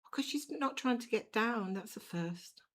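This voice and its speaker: A woman's voice: fairly high pitch, expressive, normal speed. A middle-aged woman on a home cross-stitch livestream, chatting bluntly and fussing over her cat. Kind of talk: casual chat while stitching. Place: home room.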